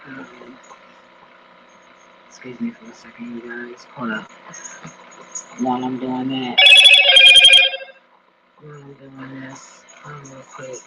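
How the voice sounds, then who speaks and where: In a slangy, rambling vlog, a man in his forties talks to his viewers at home and often gets sidetracked. His medium-pitched voice is flat and slow, with frequent pauses. The lo-fi recording sounds dull and very noisy.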